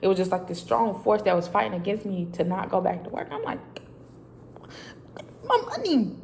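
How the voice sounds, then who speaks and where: Animated woman sharing a faith story. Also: medium pitch, quick pace, gravelly, slight background noise. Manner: animated storytelling, acting out her own dialogue; casual, loose and chatty with many fillers. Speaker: vlogger. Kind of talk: casual faith testimony vlog. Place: a quiet private space.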